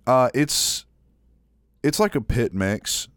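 A man's voice: mid-range voice, big pitch swings, slow, clear, resonant tone, no room sound, studio quality. A man with a slight Southern American drawl telling stories in casual podcast chat, rambling with restarts. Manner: rambling storyteller, many restarts.

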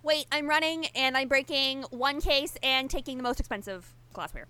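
Young-sounding woman player, high and bright, giggly, curses casually. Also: normal speed, dry recording. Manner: laughing, lively, swears casually. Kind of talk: casual tabletop play.

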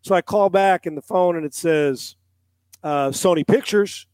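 A man's voice: high voice, a little slow, darkish tone, smooth, no echo. A middle-aged man, a former quarterback and analyst, telling a long story on a podcast, acting out quotes and swearing casually.

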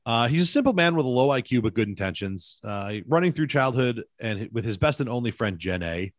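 A man's voice: medium pitch, expressive, fairly quick, no echo. A man co-hosting a movie podcast from home over a video call, chatting loosely and stumbling over his words as he goes. His voice sits in a middle register, recorded close and dry with no room sound. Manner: rambling, self-correcting, chatty. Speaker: podcast co-host. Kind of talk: casual movie podcast chat. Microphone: remote video call recording.

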